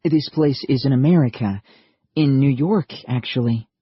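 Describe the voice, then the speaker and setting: A man voicing a gentle young American woman who coaxes and soothes in a soft motherly way. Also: mid-range voice, moderate pace, slightly rough, no echo, highs cut off, voice pushed up, lightly acted. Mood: friendly.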